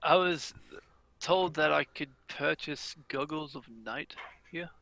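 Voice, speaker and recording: A man playing a character in a tabletop game, speaking low-key and a little hesitant. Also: steady tone, takes it slowly, gravelly, sharp tone, dry recording, rough recording. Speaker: player. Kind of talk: tabletop game role-play.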